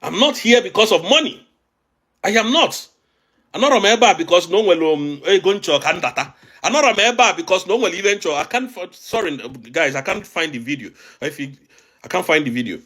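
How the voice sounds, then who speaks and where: Nigerian male host, high and lively voice, emphatic and agitated commentary with lots of repetition. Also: a little fast. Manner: emphatic and agitated, repeating phrases. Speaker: online show host. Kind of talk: impassioned political commentary. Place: abroad, recording a video.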